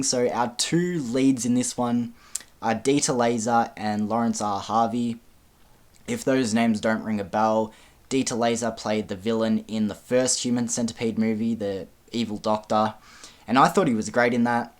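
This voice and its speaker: A man's voice: medium pitch, steady tone, moderate pace. Frank, casually cursing male film reviewer. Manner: frank, swears often, frequent ums.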